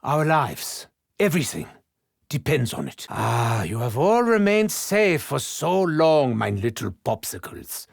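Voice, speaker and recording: An actor playing an unhinged, theatrical male German scientist in a game, with a German accent, shouting taunts and muttering erratically. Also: very animated, unhurried, no room sound, studio quality, exaggerated voice. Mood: brooding. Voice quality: gravelly, wildly swooping pitch. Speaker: game character voice lines.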